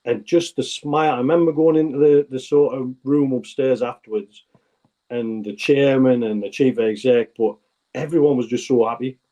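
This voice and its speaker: Ex-footballer guest, 40s, North East English accent, relaxed rambling storyteller. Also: male voice, medium pitch, normal speed. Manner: rambling anecdotal storyteller, many restarts. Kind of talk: casual interview chat.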